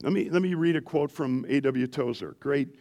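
A middle-aged man preaching a sermon in a church, animated and asking the congregation questions as he goes. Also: medium pitch, moderate pace. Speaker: pastor.

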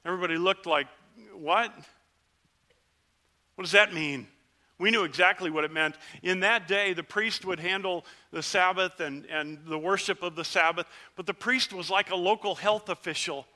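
In a first-person dramatic sermon, a man with a high-sitting voice speaks as one of ten lepers, telling his story at a moderate pace. He is an earnest, vivid storyteller who shouts the plea and then drops to a hush.

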